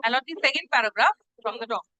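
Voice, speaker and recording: A woman advocate pleads her case in court, her voice high and bright with a sharp edge. She is formal and deferential and keeps turning back to "my lord". The sound is close and dry. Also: quick pace, no room sound, low-quality recording. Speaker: advocate arguing before a judge. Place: courtroom hearing, live-streamed.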